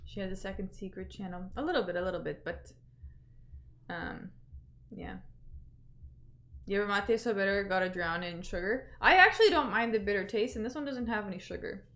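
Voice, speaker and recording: A woman's voice: medium pitch, brisk, long pauses, a bit bright. A woman hosting a casual livestream, chatting loosely with many fillers and reading out viewer messages. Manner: chatty, reads out chat messages, lots of fillers. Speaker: livestream host.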